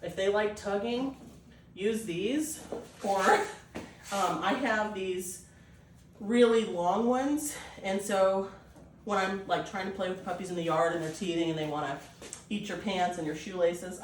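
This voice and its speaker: A woman breeder explaining a puppy temperament test, switching between high coaxing puppy talk and calm explanation. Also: recorded from a distance, a little hiss or hum. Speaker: dog breeder. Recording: echoey room, voice off-mic.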